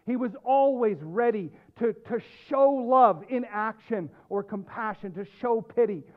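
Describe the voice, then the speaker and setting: A male pastor preaching a sermon, emphatic, dropping low and quiet and then rising with loud stress. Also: a little slow. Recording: tinny phone-like lo-fi sound.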